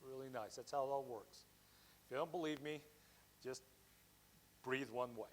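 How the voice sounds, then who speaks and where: A man giving a Sunday talk at a spiritual center, lively and conversational, often checking in with "okay?". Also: mid-range voice, normal speed, slight background noise, low-quality recording. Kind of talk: sermon.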